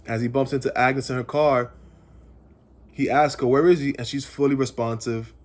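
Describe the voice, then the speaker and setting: A man's voice: mid-range voice, flat delivery, moderate pace. A man casually recapping a TV episode and theorizing about what comes next, rambling and repeating himself as he speculates. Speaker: comics channel host.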